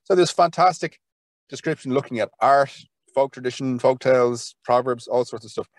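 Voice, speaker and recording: An Irish man speaking as a guest in a relaxed interview, his voice at an ordinary middle pitch. He talks with eager enthusiasm, restarting sentences and padding them with fillers. The recording is dry and close, with no room sound. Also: normal speed, no echo. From Ireland. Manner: enthusiastic, rambling, full of "kind of" fillers and restarts. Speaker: podcast guest, folklore archivist. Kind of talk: conversational interview.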